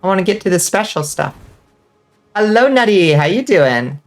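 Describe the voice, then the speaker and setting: A woman's voice: lowish voice, lively intonation, moderate pace. A woman streaming a game, chatting casually with viewers, swearing freely and laughing often. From US South. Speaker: vtuber streamer. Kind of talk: casual gaming stream chat.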